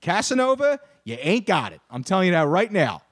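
Animated Philly man ranting on a podcast. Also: high-pitched, a little fast, no echo, clean studio sound. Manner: animated ranter, swears, shouts punchlines. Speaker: podcast co-host. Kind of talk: casual ranting chat.

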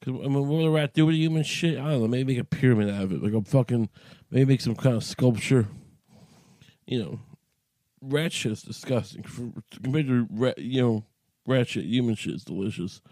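A man's voice: mid-range voice, fairly quick, mellow, dry recording. Crude, rambling man in a closet. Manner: crude, profane, rambling comic riffing. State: morning voice, slightly cracky. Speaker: podcast host. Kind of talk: rambling solo podcast monologue. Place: small closet.

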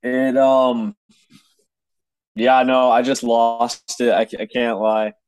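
A man's voice: mid-range voice, little pitch movement, slow, a little mellow, smooth. A young man telling a story in casual chat, exasperated and swearing often, with rambling restarts.

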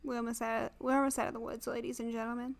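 A woman co-hosting a casual podcast, her voice muffled and thick as she recovers from tonsil surgery. She talks in a slightly high voice with a dry, deadpan humor. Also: racing, gravelly. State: muffled voice after tonsil removal. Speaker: podcast co-host.

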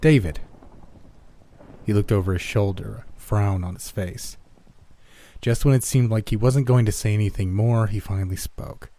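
A man narrating a horror story in a steady, measured reading. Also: lowish voice.

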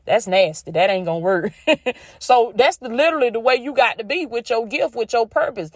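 A woman's voice: a little high, lively intonation, a little fast, no room sound, studio quality. A woman with a Southern US accent, hosting a podcast and giving a faith-based motivational talk in a folksy, down-home way, repeating phrases for emphasis. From Southern United States. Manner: folksy and down-home, addresses listeners as "baby" and "y'all". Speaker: podcast host.

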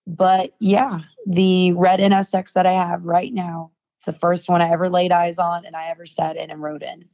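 A woman's voice: lowish voice, flat delivery, normal speed, mellow. A young adult woman, a podcast guest, telling a story in casual chat and acting out the quoted dialogue. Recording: dull, lo-fi dry sound.

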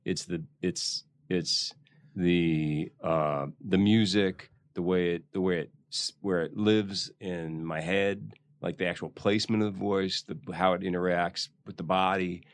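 A man's voice: sits low, fairly even intonation, measured pace, dry recording. A middle-aged man with a Philadelphia accent, chatting as an interview guest who searches thoughtfully for his words. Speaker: guest actor. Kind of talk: casual interview chat.

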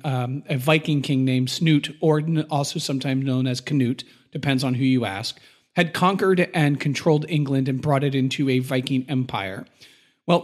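A man co-hosting a casual podcast, explaining medieval history in plain terms and now and then acting out quick quoted voices. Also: medium pitch. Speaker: podcast co-host.

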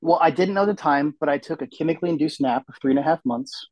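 Guy telling a story on a podcast, kinda high voice, dry sound, does all the voices. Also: fast talker, dry recording, poor audio. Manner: animated storyteller acting out quotes. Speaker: guest telling his story. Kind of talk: casual podcast conversation.

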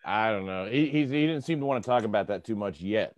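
Low-voiced New comic, dry wit. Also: male voice, animated, fast, no echo. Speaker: comedian guest. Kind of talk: casual chat.

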